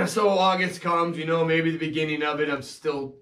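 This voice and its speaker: A man's voice: a little high, a bit bright, reverberant, far from the mic. Man telling a hard personal story. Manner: halting, emotional, many restarts and fillers. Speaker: vlogger telling his own story.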